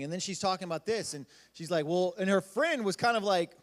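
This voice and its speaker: A man's voice: high voice, fast, hardly any pauses. A youth pastor in his thirties, giving a casual, conversational sermon and acting out quotes in voices. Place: church hall. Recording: long hall reverb.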